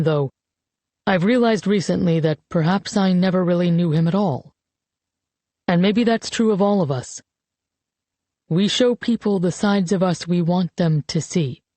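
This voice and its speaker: A woman voicing a grieving grown man, a father giving a eulogy, in an audiobook; he speaks slowly and measuredly. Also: lowish voice, dark tone, dry recording. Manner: slow, measured, solemn speech. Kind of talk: audiobook character reading.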